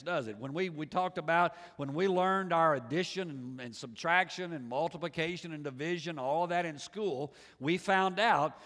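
A man's voice: a little high, fairly bright tone. A male pastor delivering a sermon in a large church, drawing the congregation in with questions. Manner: preaching with call-and-response questions to the congregation. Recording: long hall reverb from church.

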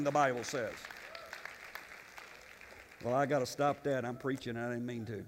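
A male pastor preaching an impassioned sermon, swinging between loud declarations and quiet, confiding asides. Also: mid-range voice, steady tone, moderate pace, long pauses, some chatter behind. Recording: long reverb of a church sanctuary.

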